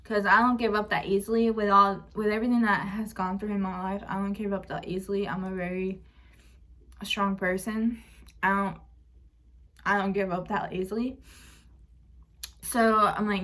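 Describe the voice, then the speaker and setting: A woman's voice: mid-range voice, flat delivery, normal speed, pauses often, fairly bright tone. A young woman vlogger candidly recounting a painful family story, speaking frankly and emotionally, quoting arguments and swearing now and then. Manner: emotional, frank, retells arguments with "I'm like" quotes and occasional swearing. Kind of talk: candid personal storytelling to camera.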